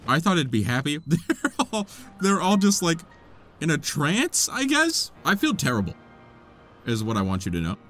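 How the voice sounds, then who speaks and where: Excitable high-voiced young man gaming. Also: moderate pace, soft background music. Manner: excitable, laughs often, talks to the game characters. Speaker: gaming video creator. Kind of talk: let's play commentary.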